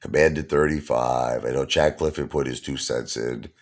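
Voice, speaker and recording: A man's voice: rumbling low, fairly even intonation, normal speed. A man with a Brooklyn accent telling a street story in a casual monologue, talking tough and asking "okay?" and "you understand?" again and again. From Brooklyn, New York. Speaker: channel host.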